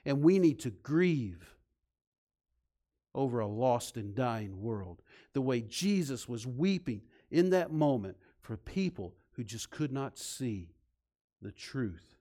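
A man preaching a sermon, swinging from loud, emphatic points to soft, low passages. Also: sing-song, slow pace. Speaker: pastor.

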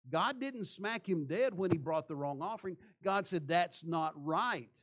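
A man's voice: high-pitched, animated, normal speed. A man preaching a sermon in church, asking the congregation rhetorical questions. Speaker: pastor.

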